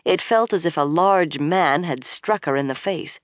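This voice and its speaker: A narrator reading a fantasy novel aloud in a steady, measured manner. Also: mid-range voice, no echo, studio quality. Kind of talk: audiobook narration.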